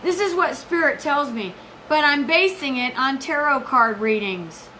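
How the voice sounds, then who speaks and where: A woman's voice: sits high, lively intonation, unhurried, bright, forceful tone, a little hiss or hum, rough recording. A woman in her forties giving an intense, rambling, profane personal monologue. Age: 40s. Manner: intense, rambling, profane, jumps between topics.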